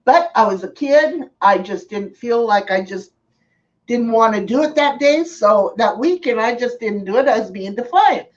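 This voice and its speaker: A woman streamer telling a personal story in casual, unhurried speech, earnest in tone and pausing to thank viewers. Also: a little high, animated. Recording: distant, dull lo-fi mic.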